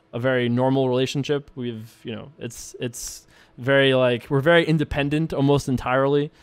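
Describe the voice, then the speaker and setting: Smooth-voiced young man, chatty poker streamer. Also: mid-range voice. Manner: chatty and loose, laughs often, swears casually. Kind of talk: casual commentary while playing online poker and reading viewer emails.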